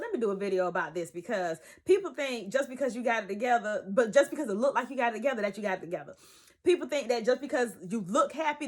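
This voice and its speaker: A young woman, vlogging from her bed in an emphatic, preachy way that swings from loud to hushed. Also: on the high side. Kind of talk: casual talk to camera. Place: bedroom, sitting in bed.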